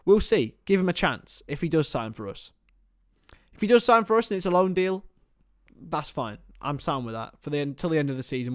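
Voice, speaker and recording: A man's voice: a little high, dry recording, clean studio sound. A young man hosting a live football watchalong, commenting on the match, swearing casually and chatting to his viewers.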